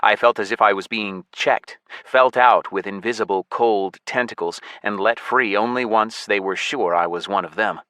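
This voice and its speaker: A man narrating a science fiction audiobook in the first person with a steady, even delivery. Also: lowish voice, moderate pace, few pauses, no room sound.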